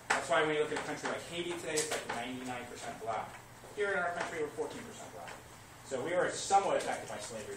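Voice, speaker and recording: A man teaching history to a class, lively, asking questions and answering them himself. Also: a little high. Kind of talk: classroom lecture. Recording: echoey classroom recorded from far off, noisy.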